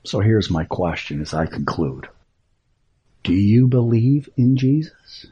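A man preaching with a low, deliberate voice that turns very breathy and airy. He talks slowly, leaning hard on key words and then sinking into near-whispers. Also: very animated, dull audio. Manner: emphatic, drops to hushed whispers on key words. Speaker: pastor. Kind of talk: preaching radio talk.

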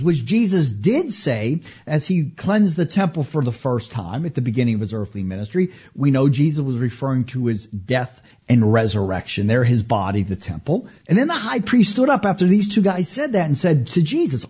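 Pastor guy teaching bible, husky mellow voice, goes big then drops to a whisper. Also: on the high side, moderate pace. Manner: animated storyteller, swings from loud emphasis to hushed near-whispers.

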